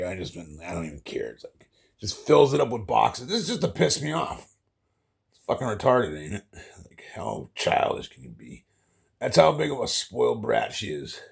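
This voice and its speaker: A middle-aged man venting in a rambling vlog monologue, swearing constantly and leaning on fillers, upset and emotional. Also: medium pitch. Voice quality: gravelly, husky. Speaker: vlogger.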